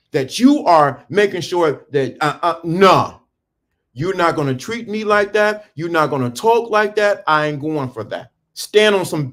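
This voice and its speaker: A middle-aged man giving a preachy, emphatic talk to viewers on a livestream, breaking off and restarting while he dresses. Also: fairly high pitch. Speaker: livestream host. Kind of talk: casual motivational livestream talk. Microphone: phone or camera on a stand.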